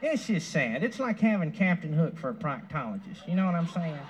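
A folksy, fast-talking Texan politician, as a man puts him on with a twangy drawl, keeps tossing out rhetorical asides. The voice sits high and swings around a lot. He sounds a little distant from the stage mic, with a faint hiss behind him. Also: very animated. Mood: indignant folksy. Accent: Texas. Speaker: guest musician doing an impression. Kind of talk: live stage impression.

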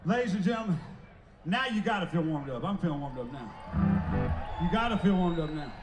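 A man fronting a band on an outdoor festival stage, talking to the crowd between songs like a showman, loud and playful. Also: on the high side, lively intonation, normal speed, over loud music. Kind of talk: stage banter at a live concert. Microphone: stage microphone through a PA. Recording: echoey live festival PA sound.

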